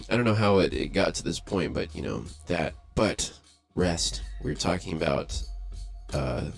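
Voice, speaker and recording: A man with a deep, low voice rambles through a casual live beatmaking stream. His talk is loose, laid-back and full of casual swearing, drifting from one thought to the next. A faint beat hums quietly behind him. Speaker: livestream beatmaker host. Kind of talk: casual livestream chat.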